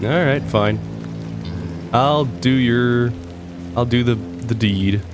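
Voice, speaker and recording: A man's voice: mid-range voice, takes it slowly. A man casually commenting while playing a game, chatty, playful and wry. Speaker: gameplay host. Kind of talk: casual let's-play commentary. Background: game music and rain.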